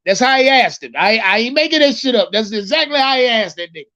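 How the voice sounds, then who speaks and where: A man's voice: very high voice, animated, fast talker, few pauses, sharp tone. Profane, rambling man on a lo-fi stream. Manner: profane, rambling, repeats himself, addresses the chat. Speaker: livestream sports commentator. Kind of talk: casual livestream chat with viewers.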